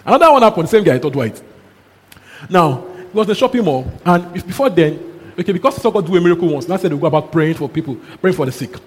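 A man preaching a sermon, telling a story in an animated way with chuckles and local exclamations. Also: high voice, fast talker, slightly rough. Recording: long hall reverb, faint background noise.

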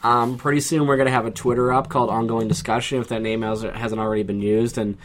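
A man's voice: medium pitch, level tone, fast talker. A man, co-hosting a podcast in casual chat, joking and rambling with crude humor. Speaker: podcast co-host.

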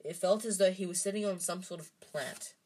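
A woman's voice: on the low side, brisk, background noise. A woman reading a storybook aloud in an unpolished way, stumbling and restarting often. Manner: unpolished, frequent restarts and ums.

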